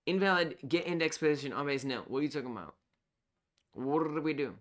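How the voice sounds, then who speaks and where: A game developer on a live coding stream, thinking aloud while debugging, excitable and self-talking. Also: medium pitch, quick pace.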